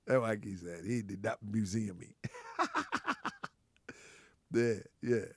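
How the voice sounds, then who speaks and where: A man hosting a live show, loud and animated, laughing often, repeating himself and calling out to his chat and callers. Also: lowish voice, takes it slowly, slightly rough, no echo. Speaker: livestream show host.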